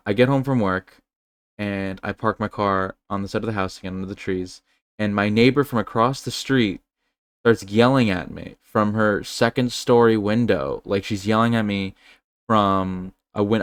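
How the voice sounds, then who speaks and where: A man co-hosts a podcast, telling stories in a loose, rambling, profane way. His voice sits low and sounds smooth and clean. The room sounds dry and close. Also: normal speed, no echo. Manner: rambling, profane, animated storytelling. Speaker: podcast co-host. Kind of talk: casual podcast chat.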